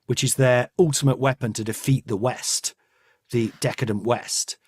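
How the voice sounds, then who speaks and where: Man, podcast host, rambling comic storytelling, mid pitch, dry close sound. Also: normal speed, breathy edge, dry recording. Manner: rambling, animated storytelling with asides. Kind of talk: casual comic chat.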